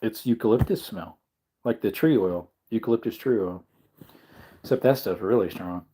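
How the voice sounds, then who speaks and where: A man's voice: lowish voice, normal speed, mellow, breathy edge. A tired, yawning man hosting a casual livestream, rambling and chuckling as he reads out chat comments. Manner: rambling, chuckling, musing aloud. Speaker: livestream host.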